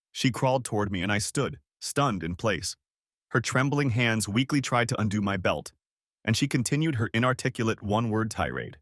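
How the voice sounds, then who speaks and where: A man narrating an audiobook story with an expressive, dramatic reading. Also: on the low side, fairly quick, no room sound, clean studio sound.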